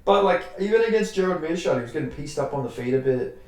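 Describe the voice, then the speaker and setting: A man's voice: a little high, animated, fast, a little mellow. An Australian man giving casual fight predictions, rambling, repeating himself and swearing offhandedly. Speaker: MMA fight predictions host. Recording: very echoey room.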